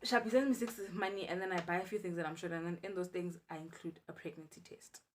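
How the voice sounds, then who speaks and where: A young South African woman telling a personal story for her vlog in an animated, dramatic way. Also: fairly low pitch, quick pace, slight background noise. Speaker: vlogger.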